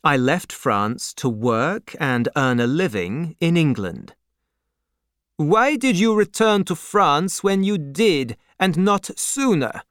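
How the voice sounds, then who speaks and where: A man voicing an earnest young nobleman, measured. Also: on the high side, sing-song, a bit bright, smooth, dry recording, clean studio sound, voice pushed up, full character voice.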